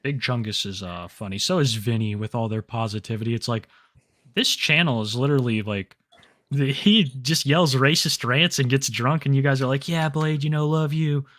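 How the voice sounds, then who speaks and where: A man's voice: medium pitch, moderate pace, fairly bright tone, no room sound, studio quality. A man co-hosting a casual podcast chat, laid-back and sarcastic. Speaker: podcast co-host.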